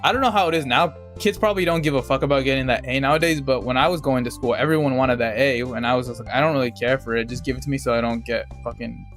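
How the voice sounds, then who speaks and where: A young adult man chats through a rambling, profanity-laced story as he streams a game, keeping it casual and laid-back. He speaks at a medium pitch with a fairly bright tone, quickly and with few pauses, over soft background music.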